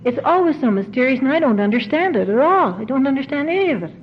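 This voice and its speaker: A woman's voice: high-pitched, big pitch swings, fast talker. Emotional woman doing a recovery talk, repeats herself for emphasis, old tape with a bit of hiss. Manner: earnest, repeats phrases for emphasis. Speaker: recovery convention speaker. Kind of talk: heartfelt recovery talk to an audience. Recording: dull 1990s tape, faint hiss.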